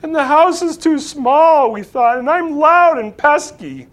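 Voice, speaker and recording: A small, anxious farm boy, put on by a man reading a storybook aloud. His voice goes high and pleading, close to tears. It is a storybook child, earnest and clingy. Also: lively intonation, brisk, husky. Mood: wailing.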